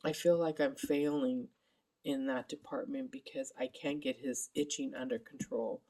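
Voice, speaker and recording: A woman's voice: a bass voice, fairly even intonation, normal speed, mellow. A middle-aged woman caring for her father, giving a candid, rambling vlog update while exhausted. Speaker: family caregiver.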